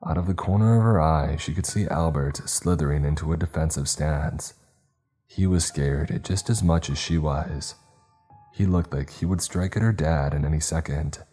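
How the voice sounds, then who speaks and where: A man narrating a story in a steady, measured reading. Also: a bass voice. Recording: faint background music.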